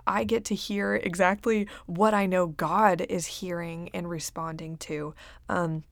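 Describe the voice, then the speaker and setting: Earnest young woman with a gravelly edge. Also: fairly low pitch, fairly even intonation, a little slow, dry recording, studio quality. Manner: earnest, many ums, laughs softly between thoughts. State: getting choked up. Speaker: podcast host and career coach. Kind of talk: casual heartfelt monologue.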